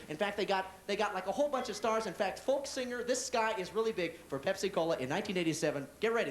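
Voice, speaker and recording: Male stand-up, high, lively, fast talker. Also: slight background noise. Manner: rapid, animated storytelling with restarts. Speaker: stand-up comedian. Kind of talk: stand-up comedy. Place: comedy club.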